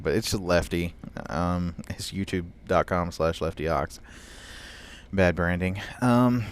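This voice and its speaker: A man's voice: deep voice, a little hiss or hum. A young man talking casually over his gameplay recording, rambling with many fillers and short laughs. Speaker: gaming YouTuber.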